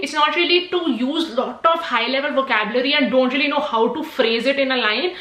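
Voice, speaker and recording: A woman's voice: high voice, a bit bright, roomy sound. A young woman, giving chatty, emphatic exam tips to camera. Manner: chatty, emphatic, lots of "like" and "trust me". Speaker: IELTS tips vlogger. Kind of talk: casual talking-to-camera advice.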